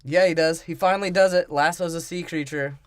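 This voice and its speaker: A young man with a slightly high voice, recorded close and dry. He co-hosts a comedy movie podcast, recapping scenes with wry, laid-back quips and easy laughter. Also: fairly even intonation, a little fast, smooth, no echo. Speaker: podcast co-host. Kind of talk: casual comedic movie breakdown.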